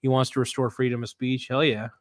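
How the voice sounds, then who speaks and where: A man's voice: mid-range voice, little pitch movement, quick pace, dry recording, studio quality. Blunt, slangy male livestream host. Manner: blunt, slangy and profane, reading viewer comments aloud; rambling with frequent restarts. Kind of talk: casual livestream commentary.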